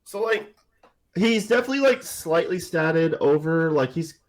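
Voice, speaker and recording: A man's voice: on the high side, expressive, normal speed, crowd noise. A man co-hosting a casual tabletop gaming podcast, rambling with lots of fillers and restarts. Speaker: podcast co-host.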